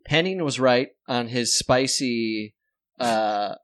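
A man's voice: mid-range voice, takes it slowly, a bit bright. A man co-hosting a podcast in casual chat, joking and rambling, often breaking into laughter. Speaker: podcast co-host.

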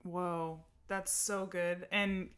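Bright, enthusiastic woman host. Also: fairly low pitch, flat delivery, very slow, clean tone. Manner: enthusiastic, affirming, many fillers. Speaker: podcast host. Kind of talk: casual interview chat.

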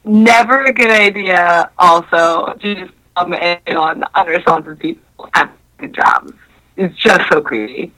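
A young woman telling a story in casual chat, animated and swearing, acting out the voices in her quotes. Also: fairly low pitch, unhurried, low-quality recording.

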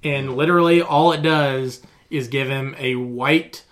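A man's voice: mid-range voice, steady tone, a little slow, a bit bright. A man co-hosting a casual podcast chat, explaining the backstory between laughs. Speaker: podcast co-host.

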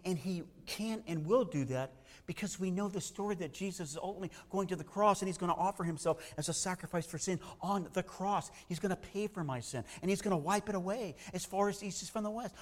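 A man preaching a sermon, animated, swinging between loud emphasis and hushed asides. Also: a little high. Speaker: pastor. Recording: long hall reverb.

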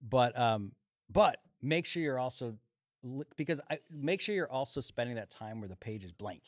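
A man who is a singer-songwriter, a guest in a casual conversation, relaxed and joking with hesitant starts. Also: medium pitch, moderate pace, no room sound, clean studio sound.

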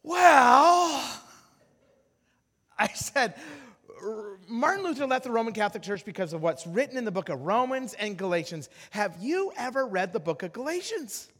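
High-voiced preacher in a reverberant hall. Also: male voice, a little fast. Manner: animated, acts out loud voices in anecdotes, frequent restarts. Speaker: guest preacher. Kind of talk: sermon storytelling.

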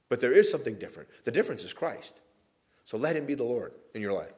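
A middle-aged man preaching a sermon as pastor, earnest and a little weepy, swinging from loud emphatic lines to soft, quiet ones. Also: medium pitch, big pitch swings, quick pace.

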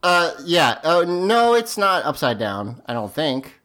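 A man's voice: a little high, sing-song, takes it slowly, sharp tone. A man hosting a casual podcast, recapping a TV episode with ums and self-corrections. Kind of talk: casual chat.

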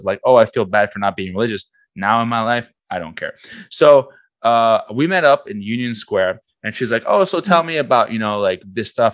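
Rambling young New man, low voice. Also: a bit bright, dry recording. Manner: rambling, acts out quoted voices. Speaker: podcast co-host. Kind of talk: casual storytelling chat.

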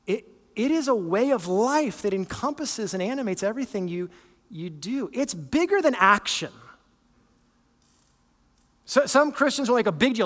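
A man's voice: high-pitched, expressive, normal speed, pauses often, fairly bright tone, in a large hall. A man, a lead pastor, preaching a sermon in an earnest, conversational way, often restarting his sentences.

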